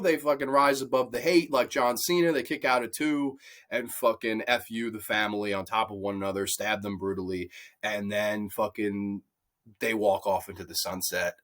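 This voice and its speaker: A man's voice: fairly low pitch, fairly bright tone. Sweary exasperated man ranting. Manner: angry, sweary, repetitive, exasperated. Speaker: horror movie reviewer. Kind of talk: profane movie rant.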